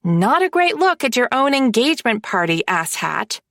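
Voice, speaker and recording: A woman's voice: on the high side, sing-song, moderate pace, fairly bright tone, no room sound, studio quality, voice pushed up. A woman voicing a bratty, sarcastic twenty-year-old mafia sister who mocks and gushes in a fake sweet tone. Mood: snarky. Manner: snarky, mocking, gushing.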